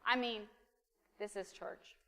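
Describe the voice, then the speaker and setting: A woman giving an informal sermon, chatty with many fillers, then softly counting a congregation through a breathing exercise in church. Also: medium pitch, fairly even intonation, takes it slowly, creaky. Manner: soft counting during breathing. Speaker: preacher. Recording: reverberant church hall.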